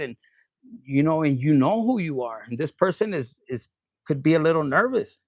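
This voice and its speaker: A man's voice: fairly high pitch, very animated, moderate pace, dry recording, clean studio sound. A man giving a casual tarot reading, blunt and crude, laughing and acting out the lines of the people he describes. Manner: blunt, crude, playful, acts out quoted lines. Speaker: tarot reader.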